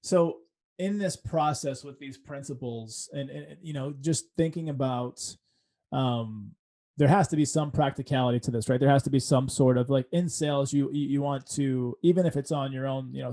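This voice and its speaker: A man hosting an interview podcast, chatting casually and building his questions out loud. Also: medium pitch, fairly even intonation, brisk. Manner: casual, uses fillers and restarts while forming questions. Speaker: podcast host.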